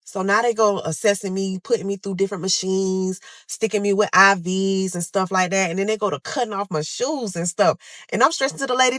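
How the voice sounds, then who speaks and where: A young woman narrates a harrowing personal story straight to her audience and keeps calling them y'all. She jumps into loud, high pleas whenever she replays her own words. Her mid-pitched voice sounds close and dry, with no room echo. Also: fairly quick. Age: young adult. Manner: dramatic, addresses listeners as y'all, acts out her own pleas loudly. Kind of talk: emotional storytime monologue.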